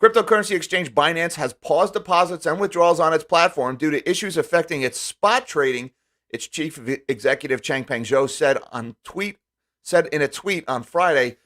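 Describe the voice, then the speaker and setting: A man's voice: a little high, moderate pace, a bit bright. A man hosting a finance commentary channel, reading headlines and reacting with dry sarcasm while talking straight to his viewers. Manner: sarcastic, talks directly to viewers. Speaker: finance video host.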